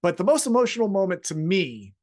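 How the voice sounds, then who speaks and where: A man co-hosting a podcast in casual chat, animated but pausing on fillers. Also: high voice. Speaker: podcast co-host.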